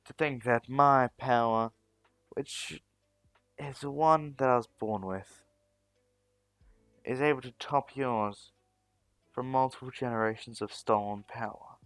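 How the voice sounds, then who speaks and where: A man voicing a calm young male hero in a fan story, lecturing his foe in a steady, defiant way. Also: mid-range voice, slow, long pauses, dry recording, soft background music.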